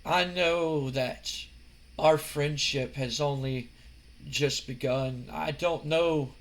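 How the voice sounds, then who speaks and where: A man putting on the voice of a menacing, seductive male wrestler, speaking slowly and in a drawn-out, purring way. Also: fairly high pitch. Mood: creepy seductive. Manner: slow, drawn-out, purring delivery.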